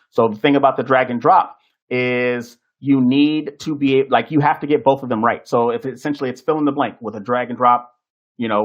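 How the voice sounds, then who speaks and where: Guy casually walking thru exam question types, lots of um and like, kinda dull lo-fi sound. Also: medium pitch. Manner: chatty, loose, many fillers and restarts. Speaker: nursing exam instructor. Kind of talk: casual presentation lecture.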